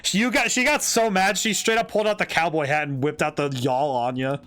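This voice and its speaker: A man streaming a video game, chatting in an excitable, jokey way, often stopping and restarting his sentences. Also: a little high, a little fast. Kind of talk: casual gameplay commentary.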